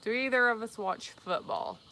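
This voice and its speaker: Wife tossing in quick asides. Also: female voice, on the high side, wildly swooping pitch, pushed and bright. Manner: brief dry interjections. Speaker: co-host, the host's wife. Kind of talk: casual chat beside her husband.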